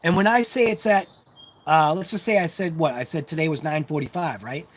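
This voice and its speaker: A man's voice: a little high, a little fast. A man hosting a casual hobby livestream, chatting to viewers in a rambling, talkative, self-deprecating way. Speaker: RC hobby channel host.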